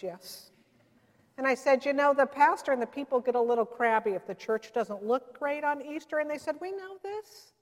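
A woman pastor giving an Easter sermon, telling stories and acting out the voices of the people in them. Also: on the high side. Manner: storytelling, quoting others in changed voices. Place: church sanctuary. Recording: long reverb of a church.

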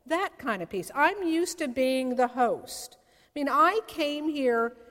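A woman's voice: high voice, lively intonation, slow pace, a bit bright. A middle-aged woman pastor from the San Francisco area, preaching a sermon in a conversational storytelling way with playful asides. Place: church sanctuary. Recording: long hall reverb.

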